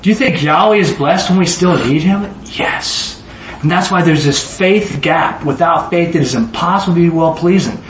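A man in his forties preaches with a fairly high, animated voice. He keeps throwing questions out to the room, and his voice is caught from some distance in a roomy, echoing space with faint background ambience. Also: a little fast, hardly any pauses, slight background noise. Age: 40s. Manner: animated, conversational, asks the audience questions. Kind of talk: sermon. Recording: roomy echo, voice from far off.

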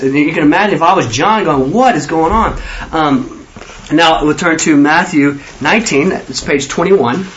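A man preaching a conversational sermon, animated and acting out the disciples' questions in their voices. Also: a little high, normal speed, dull audio, a little hiss or hum.

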